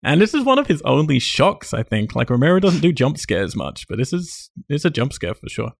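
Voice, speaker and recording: A man's voice: a little high, very animated, brisk, vocal fry, dry recording. Chatty man with a dry close sound. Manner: chatty, laughs often, self-deprecating. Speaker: podcast host. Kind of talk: casual film discussion.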